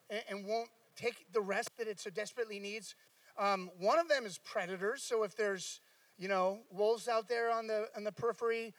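A man's voice: high-pitched, fairly bright tone, no room sound, recorded from a distance, poor audio. A man giving a casual sermon, telling a personal story with many fillers and asides. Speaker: preacher.

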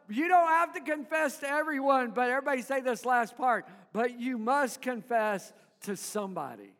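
A man's voice: very high voice, normal speed, few pauses, a bit bright, long reverb tail. A man preaching a sermon to his congregation in church, calling for responses and having them repeat after him. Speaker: pastor.

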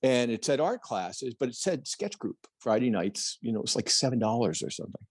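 Appearing as a podcast guest, this New Jersey plein air painter is a middle-aged man whose husky, slightly breathy voice has a medium pitch. He tells his story briskly and with animation, imitating others' voices, and the sound is close with no echo.

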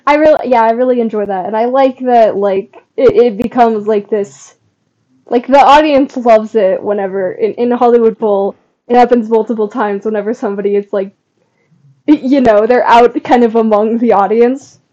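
A woman's voice: fairly high pitch, normal speed, dark tone, dull audio. A woman co-hosting a podcast in casual chat, talking in a chatty, giggly way with lots of fillers. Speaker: podcast co-host. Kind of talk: casual chat about a comedy show.

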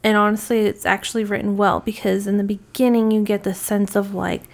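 A female podcast co-host reviewing a film in casual chat. Her voice is mid-pitched, and her delivery is calm and steady. She reads the synopsis and the credits without fuss. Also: a little fast, creaky.

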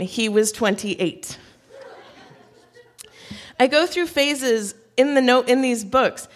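A woman on stage telling a personal story to an audience in a wry, self-mocking way, with light laughs. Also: on the high side.

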